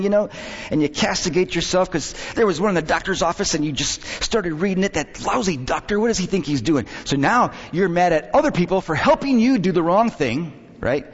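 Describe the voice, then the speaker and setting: A male pastor delivers a conversational sermon, his pitch rising and falling animatedly as he tells stories and jokes. His voice carries a long reverb from the church hall. The recording sounds a little dull and muffled. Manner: lively, joking, storytelling with acted quotes. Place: church sanctuary.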